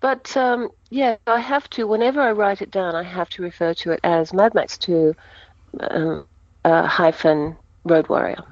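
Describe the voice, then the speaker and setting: Woman in her sixties, from Australia, actress guest, chatty, rambling, laughs a lot, lowish voice, slightly dull sound. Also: measured pace, no room sound. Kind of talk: casual interview over a call.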